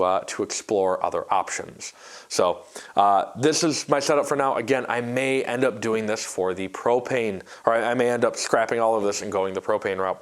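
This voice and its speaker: A man vlogging a workshop build in a casual, rambling way, often stumbling and restarting his sentences. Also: medium pitch. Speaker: maker vlogger.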